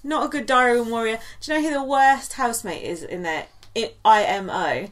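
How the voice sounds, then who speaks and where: A woman's voice: on the high side, fairly quick. A woman, co-hosting a podcast, chatting casually and gossiping, often giggling and quoting people in silly voices. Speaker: podcast co-host. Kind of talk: casual chat.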